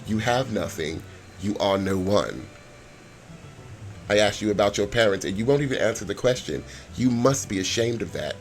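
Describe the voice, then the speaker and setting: A man's voice: on the low side, lively intonation, moderate pace, faint music behind. A man voicing a haughty, snobbish rich woman who talks in a clipped, formal, mocking way. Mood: condescending.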